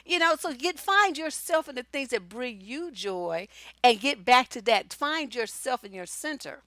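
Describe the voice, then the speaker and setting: A woman relationship coach giving blunt, profane, animated advice in a casual talk. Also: a little high, dry recording, studio quality. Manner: blunt, profane and animated, acts out quoted voices.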